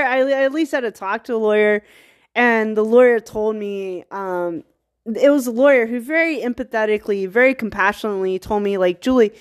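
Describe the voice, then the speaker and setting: A woman from small-town Virginia with a Southern accent talks straight to camera in a loose, rambling vlog. Her voice sits a bit high for a woman. She stops and restarts often and laughs in the middle of her sentences. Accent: Southern American, rural Virginia. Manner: rambling, chatty, many fillers and restarts. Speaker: vlogger. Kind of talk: casual monologue.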